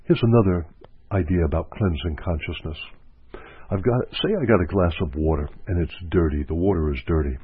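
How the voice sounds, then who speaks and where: A counselor gives a reflective spiritual teaching, repeating phrases to drive points home. His low voice is slightly rough and a bit quick. The sound is dry, with no echo, and narrow like a phone line.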